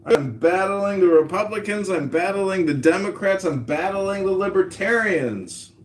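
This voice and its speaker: A man's voice: high voice, expressive, measured pace, roomy sound, background noise. A man hosting a casual call-in show, brash and joking with callers. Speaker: podcast host and candidate.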